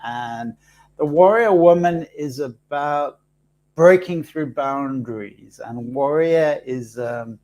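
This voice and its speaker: A soft-spoken man hosting a live card reading, talking slowly and haltingly with many pauses and fillers. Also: fairly high pitch. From Africa. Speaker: host reading cards for live viewers.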